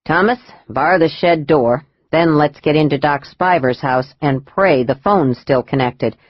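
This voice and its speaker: A woman voicing a determined male agent in charge, speaking in a low, clipped and decisive way. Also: unhurried, dry recording, dull audio.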